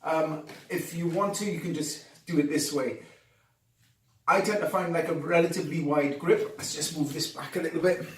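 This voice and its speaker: A man's voice: fairly high pitch, fairly even intonation, moderate pace. A man demonstrating exercises at home, talking through each move and getting out of breath between reps. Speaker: fitness coach. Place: home workout space. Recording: echoey room, distant camera mic.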